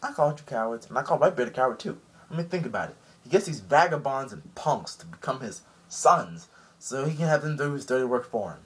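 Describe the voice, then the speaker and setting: A man's voice: medium pitch, fast talker, close to an everyday voice. Man doing a cold menacing admiral. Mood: scornful. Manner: flat scornful threats.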